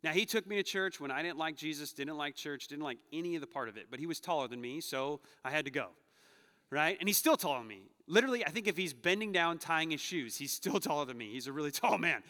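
Um jovem pastor pregando um sermão, contando histórias com humor e exortando a congregação com ênfase crescente. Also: male voice, a little high, animated, fast. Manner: storytelling, joking, rising to loud urging. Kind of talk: sermon. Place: church sanctuary. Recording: long hall reverb.

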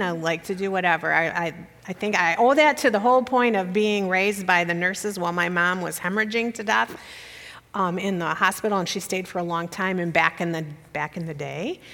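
A woman's voice: mid-range voice, fairly bright tone. A woman giving a personal church talk as guest speaker, emotional and holding back tears as she speaks. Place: church sanctuary. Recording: long hall reverb.

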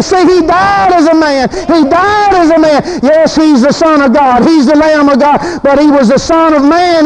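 A man's voice: very high-pitched, a little mellow, low-quality recording. A preacher man, delivering a fervent, folksy sermon full of repeated phrases.

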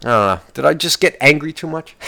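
A man's voice: fairly high pitch, creaky, pushed and bright, dry recording. Profane ranting young man vlogger. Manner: swears constantly, rambling, restarts and fired-up outbursts. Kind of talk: profane casual rant.

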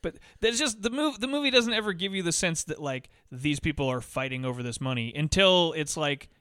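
A man with a bright, crisp, forward voice, chatting bluntly about movies and swearing freely. He often trails off and restarts, and the sound is dry and close. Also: a little high, lively intonation, fairly quick, dry recording. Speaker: podcast co-host. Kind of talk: casual film discussion.

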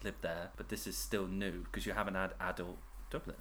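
A man's voice: deep voice, flat delivery, fairly quick, fairly bright tone. A man co-hosting a podcast, trading teasing, jokey quips. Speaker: podcast co-host. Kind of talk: casual chat.

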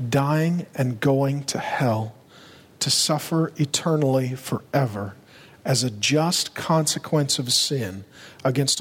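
A male pastor preaching a sermon with urgency, driving home his points and rising to loud, emphatic peaks. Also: mid-range voice, breathy edge. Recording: long reverb of a large hall.

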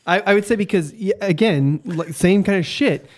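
A man's voice: high voice, moderate pace. A man talking casually and emphatically as a podcast co-host. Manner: emphatic, agreeable, uses fillers. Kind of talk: casual chat.

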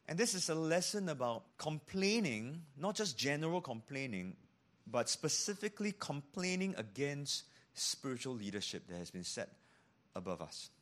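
A man preaching a sermon as pastor, animated, dropping to hushed tones for emphasis and acting out the voices he quotes. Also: mid-range voice.

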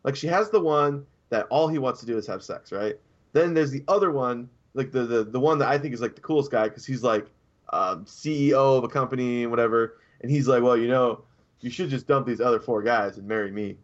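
A man's voice: mid-range voice, brisk. A man co-hosting a casual podcast chat, rambling through a story and acting out the quotes in raised voices. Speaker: podcast co-host. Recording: dull lo-fi sound.

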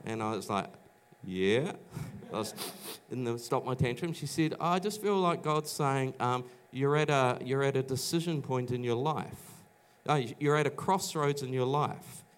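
Here a middle-aged pastor from New Zealand speaks in a smooth, mid-range voice at normal speed. Preaching in a church auditorium, he weaves personal testimony into his sermon through casual storytelling, with many restarts and acted-out quotes.

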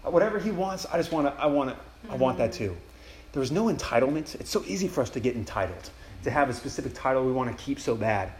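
A man's voice: mid-range voice, animated, fast talker, a little mellow, a little hiss or hum. A young man giving a casual, enthusiastic retreat sermon, acting out inner prayers as he goes. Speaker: campus ministry speaker. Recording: echoey room with faint ambience.

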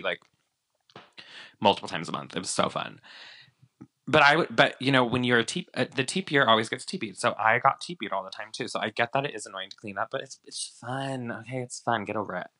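Bright-voiced man in casual recap chat. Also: fairly low pitch, brisk. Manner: animated, swearing, filler-heavy with frequent "like". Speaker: podcast co-host.

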